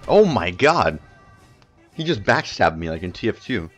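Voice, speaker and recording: Excitable young man in voice chat. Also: lowish voice, moderate pace, dull audio, faint music behind. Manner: excitable, laughing reactions. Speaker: gamer. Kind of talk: gaming voice chat.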